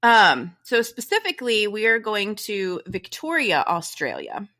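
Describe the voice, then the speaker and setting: A woman's voice: medium pitch, huge pitch swings, unhurried, pushed and bright. An American woman co-hosting a casual true-crime podcast, chatty and upbeat as she tells the story. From United States. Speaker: podcast co-host.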